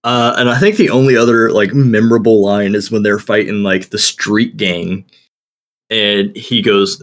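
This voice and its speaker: A man co-hosting a casual chat, talking haltingly with many fillers and restarts, laughing often. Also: fairly low pitch, steady tone. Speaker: podcast co-host.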